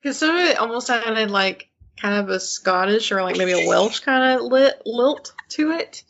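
Relaxed, teasing woman co-host with a gravelly voice, dull lo-fi sound. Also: a little high, moderate pace, slight background noise. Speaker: podcast co-host. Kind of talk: casual chat.

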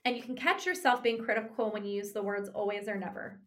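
A woman explaining couples communication in a lively, conversational way, often checking in with "right?". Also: mid-range voice, fast. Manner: conversational, animated, frequent tag "right?". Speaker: relationship therapist.

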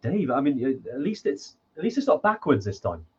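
A man's voice: mid-range voice, big pitch swings, moderate pace, husky, muffled recording. A man co-hosting a podcast in casual chat, rambling with lots of restarts and fillers. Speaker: podcast co-host.

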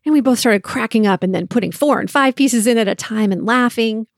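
A woman's voice: fairly high pitch, fairly quick, no echo, studio quality. A woman in her forties hosting a solo podcast, telling parenting stories and acting out the lines she said. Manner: storytelling, lively when acting out quotes.

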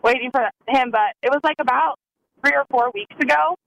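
A young woman telling a story in casual chat, excitable and full of "like"s. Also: sits high, brisk, gravelly, a little hiss or hum, poor audio. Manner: excitable, many "like"s.

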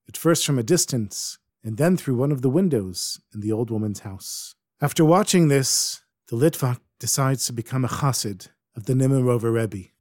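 A man telling a folk story aloud in a lively way, dropping in Yiddish words. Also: medium pitch, dry recording, studio quality. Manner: animated, sprinkles Yiddish words. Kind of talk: oral storytelling. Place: Jerusalem.

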